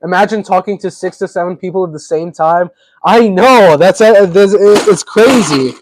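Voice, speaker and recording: A man's voice: high-pitched, normal speed, darkish tone, a little hiss or hum, poor audio. A man from Tennessee, hosting a livestream and chatting casually with viewers as he answers their messages. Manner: chatty, answers viewers' chat while building. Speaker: livestream host.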